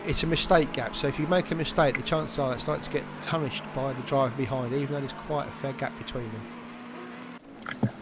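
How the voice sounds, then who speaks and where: A man's voice: mid-range voice, steady tone, normal speed, background noise. A man hosting live sim racing commentary, teasing and banterous. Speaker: race commentator and host.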